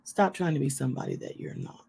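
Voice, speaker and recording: A middle-aged woman hosting a casual faith talk, loud, fast and forthright in how she speaks. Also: low-pitched, creaky, slightly rough. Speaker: host.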